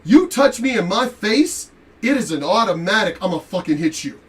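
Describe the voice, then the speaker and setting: A man telling a story in a profane, animated rant while commenting on a reaction video. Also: sits high, normal speed, distant mic. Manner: animated, profane, laughing asides.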